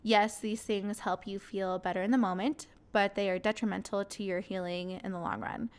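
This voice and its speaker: A woman's voice: medium pitch, steady tone, moderate pace. A young adult woman hosting a podcast and speaking candidly and earnestly about her own experiences, with a laugh here and there. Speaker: podcast host. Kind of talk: personal podcast monologue.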